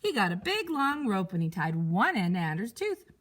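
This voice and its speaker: A teacher reading a picture book aloud to young pupils, expressive and animated. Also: female voice, medium pitch, normal speed.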